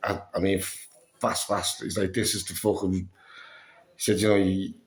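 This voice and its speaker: A man's voice: deep voice, flat delivery, moderate pace, reverberant. A man telling a story in a casual vlog, swearing often, sounding fatigued and acting out what others said. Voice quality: breathless, fatigued. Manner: swears a lot, acts out quoted dialogue.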